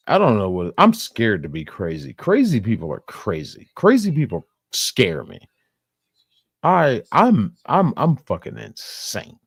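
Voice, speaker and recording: A male streamer reacts in an unhurried, profane, rambling way, laughing as he goes. His voice sits a little low but moves expressively, and the sound is dry. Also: creaky, breathy edge, no echo. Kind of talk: casual live-stream reaction.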